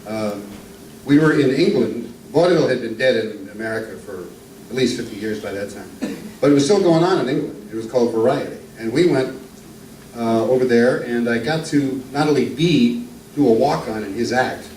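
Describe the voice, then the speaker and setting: Casting: an older man, a vaudeville performer, reminiscing haltingly, heard from a distance with a faint background hiss. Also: mid-range voice, darkish tone. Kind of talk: stage storytelling. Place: theater stage. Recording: echoey stage from a distance, faint room noise.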